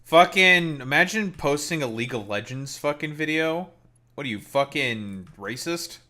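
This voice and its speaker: A man's voice: fairly high pitch, expressive, normal speed, pushed and bright. A man streaming a game, chatting casually with viewers in a crude, profane, teasing way. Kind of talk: casual live-stream chat while gaming. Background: keyboard typing.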